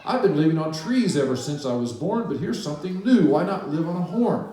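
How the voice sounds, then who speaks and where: A man's voice: on the high side, animated, brisk, mellow, natural voice. A man voicing a cheeky, pushy little male bird in a children's story read aloud, in a very echoey room. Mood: chirpy. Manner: chirpy, brash. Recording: echoey hall, distant mic.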